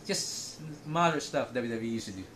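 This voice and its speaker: A man's voice: mid-range voice, expressive, a little fast, a bit bright. A man co-hosting a casual podcast chat, joking and rambling, often laughing. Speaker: podcast co-host.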